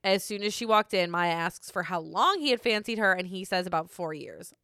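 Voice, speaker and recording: A woman's voice: fairly low pitch, fairly quick, bright, forceful tone, clean tone, no echo, studio quality. A young woman hosting a casual recap podcast, chatty and giggly, with lots of likes. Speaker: podcast host recapping a reality show. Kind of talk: casual chat.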